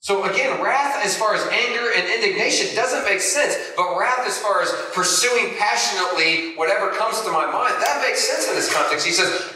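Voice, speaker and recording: A man's voice: sits high, normal speed, hardly any pauses, sharp tone. A middle-aged man preaching a sermon with energy, talking conversationally and asking his listeners rhetorical questions. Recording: echoey hall, heard from a distance.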